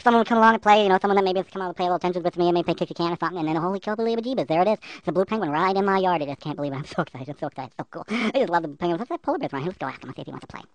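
A woman voicing a hyper, lonely child who talks too fast and gets giddy and taunting in a comedic character voice. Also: fairly low pitch, lively intonation, lightly acted. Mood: giddy excited.

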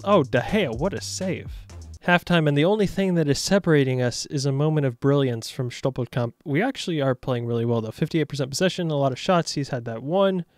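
A young man giving jokey, animated commentary over his own football video game matches. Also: on the high side. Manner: animated, jokey, shouts at big moments. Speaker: gaming YouTuber. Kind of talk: excited gameplay commentary.

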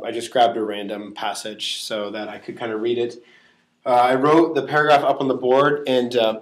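A man who teaches Latin, explaining pronunciation rules step by step with plenty of fillers, and he is a bit sick and clears his throat. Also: medium pitch, echoey room. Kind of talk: classroom-style lesson. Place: classroom.

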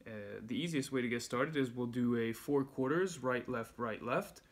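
A man giving a casual music lesson, counting beats aloud in a relaxed way as he demonstrates. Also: medium pitch, normal speed. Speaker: music teacher. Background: handpan playing.

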